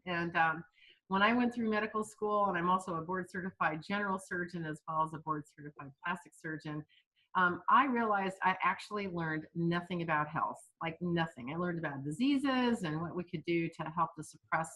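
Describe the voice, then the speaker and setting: Female physician guest, low-set but bright voice, animated emphatic explainer with fillers. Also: a little fast, rough recording. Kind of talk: interview podcast.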